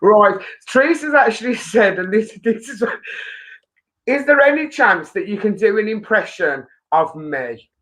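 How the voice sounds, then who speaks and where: A woman hosting a casual interview, lively and teasing with a lot of laughter. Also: mid-range voice, measured pace, rough recording. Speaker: host. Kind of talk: casual chat show interview.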